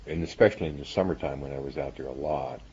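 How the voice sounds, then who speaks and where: Very deep gravelly older man reminiscing. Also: quick pace, muffled recording, a little hiss or hum. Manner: warm storytelling with chuckles. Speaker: physicist recalling graduate school. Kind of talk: reminiscing interview.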